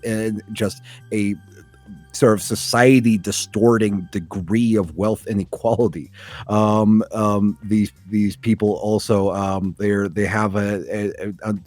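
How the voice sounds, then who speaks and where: A man as a podcast guest, speaking in halting casual talk full of fillers and restarts. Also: fairly low pitch, fairly even intonation, a little mellow, no echo, soft background music.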